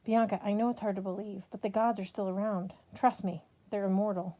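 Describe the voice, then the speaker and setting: A woman voicing a tough, blunt teenage girl warrior who talks in a forceful way. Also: medium pitch, steady tone, brisk, muffled recording, close to an everyday voice. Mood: earnest.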